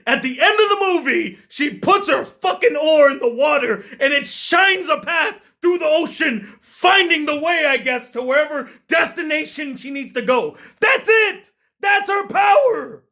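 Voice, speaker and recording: A man giving a profane, exasperated comedic movie rant as a film critic, often bursting into shouts. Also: very high voice.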